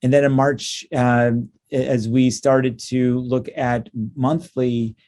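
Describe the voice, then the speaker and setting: A man, a clinician, giving a conference talk, halting with many ums and uhs, upbeat in tone. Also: medium pitch, level tone, a little mellow. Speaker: cystic fibrosis clinician presenting at a conference.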